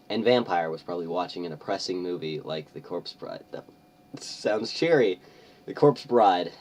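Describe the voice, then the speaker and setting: A man's voice: sits low, expressive, normal speed, a little mellow, distant mic. A young man doing a comedic reading of a story, sarcastic and mocking, often laughing. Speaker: host.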